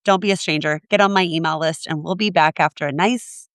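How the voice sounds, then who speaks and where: A woman hosting a podcast with a raspy voice, chatty and upbeat as she wraps up and promotes her community. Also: sits low, fairly quick, dry recording, studio quality. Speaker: podcast host. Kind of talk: casual podcast talk and outro.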